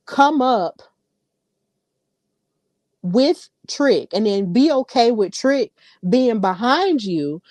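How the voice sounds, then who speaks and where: Woman, podcast host, casual opinionated commentary, warm mellow voice, dry close sound. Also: on the high side, no echo. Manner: animated, opinionated, talks straight to listeners.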